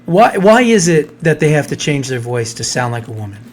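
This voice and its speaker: A man's voice: a little high, very animated, fairly quick. A man co-hosting a podcast, telling a story in a scornful, indignant tone. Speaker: podcast co-host. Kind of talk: casual opinionated chat.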